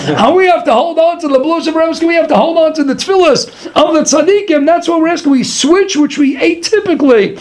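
Male Torah teacher, very high voice, animated lecture with pleading asides. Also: fairly quick, few pauses. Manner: animated, pleading asides to God, Yiddish-Hebrew terms.

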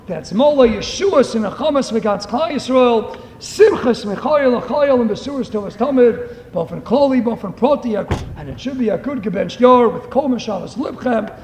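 A man giving an impassioned sermon full of stories that rises to shouts. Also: very high-pitched, expressive, normal speed, few pauses, slight background noise. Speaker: preacher. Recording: echoey hall, faint ambience.

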